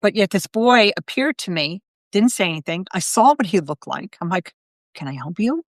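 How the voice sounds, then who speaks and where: A woman's voice: mid-range voice, lively intonation, moderate pace, no echo, clean studio sound. A middle-aged woman, a psychic medium, telling a personal story on a live video in a chatty way, full of asides and quoted self-talk.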